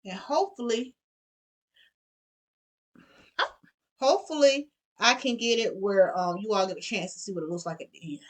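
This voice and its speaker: A woman's voice: medium pitch, moderate pace, long pauses. A middle-aged woman giving a casual sewing tutorial, chatty and talking to her viewers as y'all. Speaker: sewing vlogger.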